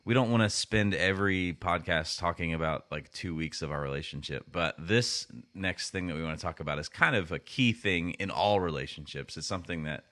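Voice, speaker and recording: A man's voice: sits low, brisk, few pauses, fairly bright tone. A man co-hosting a podcast in casual chat, rambling with frequent restarts. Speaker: podcast co-host.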